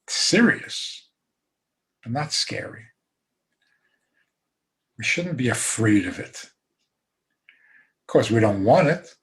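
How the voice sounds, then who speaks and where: A man giving a rabbi's talk over a video call, emphatic, with dry humor and soft laughs. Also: medium pitch, sing-song, slow pace, pauses often. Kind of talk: talk on a zoom call, answering questions.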